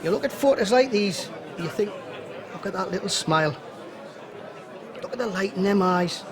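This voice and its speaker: A brash Geordie club comic. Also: male voice, sits high, lively intonation, a crowd in the background. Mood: chatty. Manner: quick patter with rising punchlines, laughs at his own jokes. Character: cheeky male club comic, brash and joking. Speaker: club comedian.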